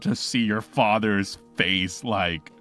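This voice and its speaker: A man's voice: lowish voice, slow, a bit bright, soft background music. A man narrating a tabletop game as game master, in a loose, rambling way.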